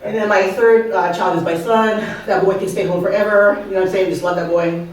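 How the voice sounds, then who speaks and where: At an open mic in an art venue, a woman in her fifties, an author, tells funny personal stories in a chatty way, full of asides and questions for the audience. Her voice is mid-range, steady in tone and brisk, with slight background noise. The room is very echoey and she sounds distant from the mic.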